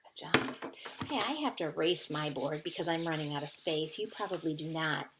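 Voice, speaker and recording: Standing at a whiteboard indoors, a woman teacher records a phonics lesson for children, patiently sounding out and spelling words. Her voice is low and fairly quick, and the recording is very noisy.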